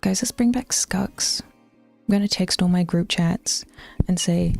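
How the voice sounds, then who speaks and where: A woman's voice: fairly low pitch, slow, vocal fry, darkish tone, faint music behind. Chatty, swearing New woman streamer. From New Zealand. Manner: chatty, swears often, drops into whispers, laughs a lot. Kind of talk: casual live-stream chat.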